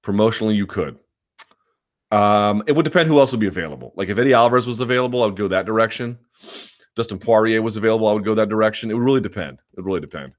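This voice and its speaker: Low-voiced man rambling through viewer questions. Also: animated, racing. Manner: rambling, restarts sentences, self-assured. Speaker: host answering viewer questions. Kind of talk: live chat, casual and opinionated.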